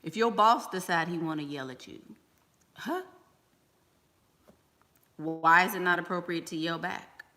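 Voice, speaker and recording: A woman's voice: on the low side, unhurried, long pauses, sharp tone, long reverb tail. A woman giving life-coaching advice on a livestream, blunt and emphatic, firing rhetorical questions.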